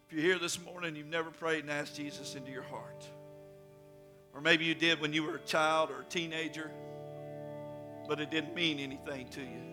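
A man preaching a sermon in a church, telling a story and building to shouted pleas. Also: a little high, a little fast, long pauses, soft background music. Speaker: pastor.

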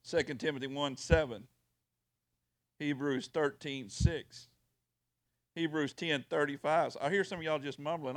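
Middle-aged pastor, fairly high voice, dynamic pulpit delivery, close dry mic. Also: male voice, normal speed, gravelly, no echo. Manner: animated preaching, swinging from loud to quiet. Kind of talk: sermon. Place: church. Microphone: handheld or stand mic with sound operator.

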